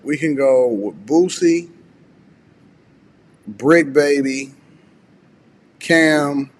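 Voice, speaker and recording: A man hosting a casual live stream from home, relaxed and a bit groggy with a slightly raspy voice, chatting and reading viewer messages aloud. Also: mid-range voice, in a large hall, slight background noise. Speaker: host.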